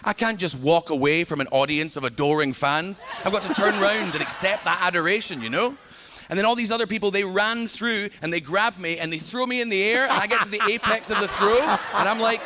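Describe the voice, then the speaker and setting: Scottish man, young, stand-up; high-pitched, loud, storytelling; live-audience stage mic with noisy laughter. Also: brisk, over a noisy crowd. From Scotland. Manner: loud, punchy storytelling, often laughing along. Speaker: stand-up comedian. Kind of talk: stand-up comedy set. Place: large theater stage before a live audience.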